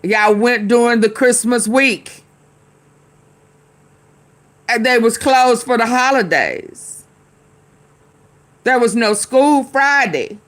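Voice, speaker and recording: A fiery woman talks slowly over news clips. Her voice is bright and forceful. She repeats herself and fires questions straight at her chat. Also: on the high side. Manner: heated, repetitive, talks back to chat. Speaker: commentary host.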